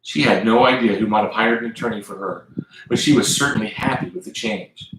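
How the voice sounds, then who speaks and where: On a live stream, a Southern-accented man reads from a book he wrote, breaking off occasionally to talk with his viewers in a lively way. He speaks fairly low and fairly quickly. There's heavy echo and background noise throughout.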